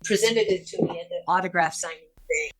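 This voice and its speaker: A woman's voice: lowish voice, brisk. Older woman telling an emotional story. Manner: emotional, repeats phrases for emphasis. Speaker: guest actress. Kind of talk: storytelling in a podcast interview.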